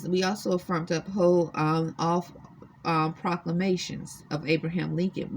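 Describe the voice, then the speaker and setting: Earnest woman with a low voice. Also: vocal fry, slight background noise. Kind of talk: recounting personal experiences to camera. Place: extended-stay hotel room.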